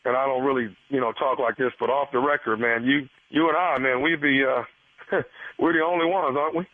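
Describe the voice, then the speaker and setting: A man's voice: mid-range voice, steady tone, brisk, lightly acted. A man playing a sleazy male doctor in a radio prank call, talking in a hesitant, stammering, sly way. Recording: tinny phone line.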